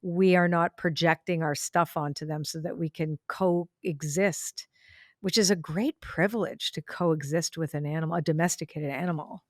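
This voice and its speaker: A woman hosting a podcast, chatting casually and telling a lively story, acting out the voices of the people in it. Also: sits low, normal speed, dry recording, studio quality. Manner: animated storyteller, acts out quoted voices. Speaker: podcast host. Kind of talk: casual conversation.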